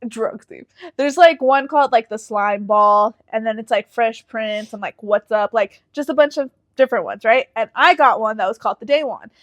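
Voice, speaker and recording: A woman co-hosting a podcast, telling stories in a casual chat, animated and teasing, laughing often and swearing casually. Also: a little high, moderate pace, few pauses, no room sound. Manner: animated storytelling with frequent laughs. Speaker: podcast co-host.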